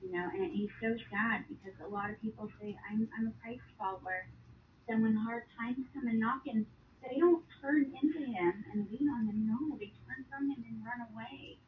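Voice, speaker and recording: A fairly high-voiced woman speaks earnestly in a casual spoken testimony, pressing hard on the words she quotes and rambling a little with fillers between them. The audio is thin and phone-like, with a faint hiss of background noise underneath. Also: steady tone, normal speed. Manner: earnest, urgent when quoting, loose and filler-heavy when explaining. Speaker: Christian speaker sharing a vision.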